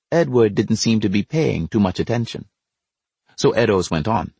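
A man narrating an audiobook in a measured storytelling way. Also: fairly low pitch, animated, gravelly, a little mellow, husky, no room sound.

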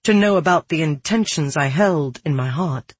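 An audiobook narrator reading first-person fiction in a measured, even storytelling manner. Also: mid-range voice, slightly rough, dry recording.

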